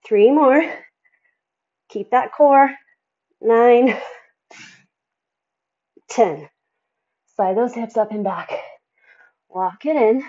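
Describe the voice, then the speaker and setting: Woman fitness coach counting reps, slow and breathy, dull lo-fi sound. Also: a little high. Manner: encouraging, counts reps, sighs between exercises. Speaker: fitness instructor. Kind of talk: workout coaching.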